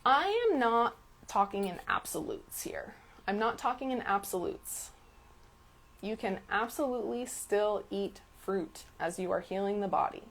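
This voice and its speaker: A health coach focused on detox hosts a live stream Q&A, answering viewer questions in a creaky, medium-pitched voice with big pitch swings and a measured pace. She speaks emphatically, repeats key words, and keeps checking in with "okay?".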